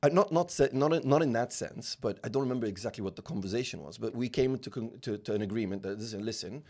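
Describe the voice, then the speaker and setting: A man in his forties with a gravelly, husky voice, raised in the UAE, tells a long anecdote on a podcast. He voices the people in it as he goes and repeats words often when he restarts a sentence. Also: medium pitch, fast. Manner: animated anecdotes, acting out dialogue, many restarts. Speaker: real estate founder, guest. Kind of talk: storytelling interview.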